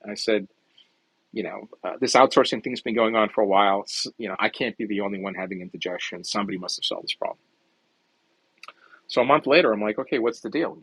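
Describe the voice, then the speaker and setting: A middle-aged man with a low, gravelly, husky voice tells career stories in a loose, rambling chat. He stops and restarts often and leans on fillers, and the recording sounds dry and close. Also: fast talker, a bit bright, no echo, poor audio. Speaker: startup founder guest. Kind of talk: casual storytelling in an audio chat room.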